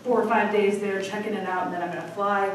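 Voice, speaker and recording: A woman in her thirties from Michigan hosting a live storytelling night, telling a personal story in a chatty, self-deprecating way with quick asides. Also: medium pitch, fairly even intonation, far from the mic. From Michigan, USA. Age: 30s. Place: live storytelling venue with audience. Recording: echoey room from afar, faint noise.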